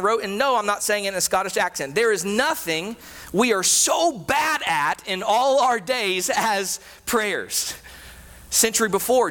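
A man preaching a sermon as a pastor, animated, with frequent rhetorical questions. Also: sits high. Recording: reverberant hall.

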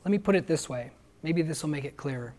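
A man preaching a sermon, earnest and emphatic, often pausing to ask his listeners rhetorical questions. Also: fairly high pitch, lively intonation, darkish tone. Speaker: pastor.

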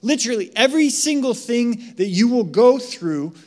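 A man's voice: very high-pitched, animated, moderate pace, a little mellow. A man from the United States preaching a sermon, telling a story with lots of "right?" asides. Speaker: pastor.

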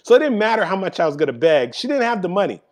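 A man telling a story as a podcast guest, with a slightly high voice. He is animated and playful, acting out quoted lines as he goes. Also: racing. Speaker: guest speaker.

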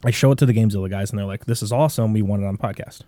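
A man with a Midwestern American accent, a podcast guest telling a long story in a rambling, animated way with many restarts. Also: fairly low pitch, racing, no room sound. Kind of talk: casual storytelling.

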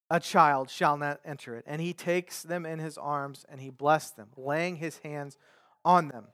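Male pastor, higher voice, casual conversational sermon delivery. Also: steady tone, a little slow, a bit bright, smooth. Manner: conversational preaching with paraphrased quotes.

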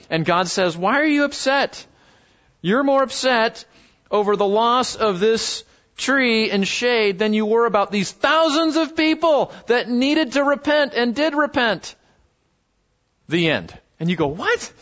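A pastor preaching a sermon in a conversational way, with many fillers and repeated words, and sudden high jumps in pitch when he quotes someone. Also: a bit bright, lo-fi sound. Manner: voices biblical figures with sudden pitch jumps.

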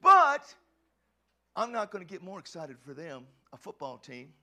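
A man preaching a passionate sermon as a pastor, often shouting and stumbling over restarts. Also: high voice, huge pitch swings, a little slow.

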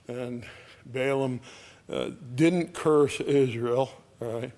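Folksy preacher, mid-pitched man, homespun asides, reads verses louder and quicker. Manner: casual, homespun speech with asides like "all right?"; reads scripture louder and quicker than his comments.

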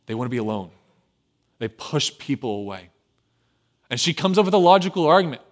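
A man preaching a sermon as pastor, dropping to a hushed, tender voice and then rising loud and urgent. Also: medium pitch, sing-song, fairly quick.

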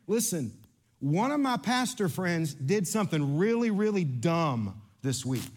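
A man preaching a sermon, animated and playful, joking with the congregation. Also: a little high, measured pace. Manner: animated, playful, coaching volunteers on stage. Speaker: pastor.

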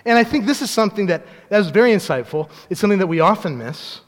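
A man preaches in a loose, conversational way, restarting his sentences and telling small family stories. His voice sits high for a man. The sound carries the long reverb of a church hall. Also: expressive, fast talker, few pauses. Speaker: pastor. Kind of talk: sermon.

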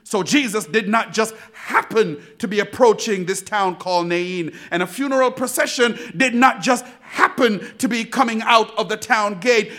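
Pastor, male, high bright voice, lively swooping sermon delivery. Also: normal speed, few pauses. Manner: preaching that swells to shouted emphasis.

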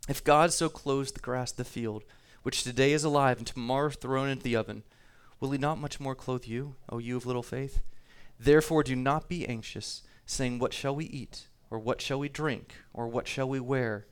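Conversational preacher with a smooth voice. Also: male voice, medium pitch, steady tone, moderate pace, few pauses. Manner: conversational preaching, reads scripture aloud, repeats words. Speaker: pastor. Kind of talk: sermon.

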